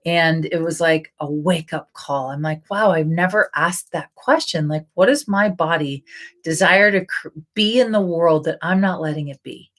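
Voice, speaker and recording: A middle-aged woman coach speaks in a casual, animated way to her listeners. She laughs often and slips into playful little voices as she goes. Her voice sits on the lower side. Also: normal speed. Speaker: intuitive body coach. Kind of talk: casual promotional talk.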